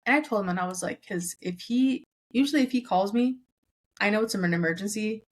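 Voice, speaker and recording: A woman's voice: mid-range voice, a little fast. Chatty young woman from Southern California. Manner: chatty, heavy use of "like", acts out family members' lines. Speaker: podcast guest. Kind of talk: casual chat.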